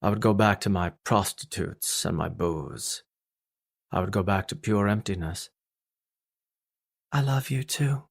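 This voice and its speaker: A man voicing a cold, ruthless mafia boss in first-person audiobook narration, with a flat, resigned delivery. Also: lowish voice, unhurried, creaky, pauses often. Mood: brooding.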